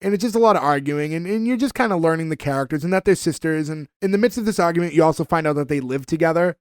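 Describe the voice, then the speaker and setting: A man in his thirties talks through a TV episode recap on a podcast. He rambles and restarts, filling gaps with "uh". His voice sits a little high and sounds dry and close to the mic. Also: very fast, clear, resonant tone, no room sound. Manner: rambling, with frequent "uh" and repeated words. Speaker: podcast co-host. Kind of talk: casual episode recap chat.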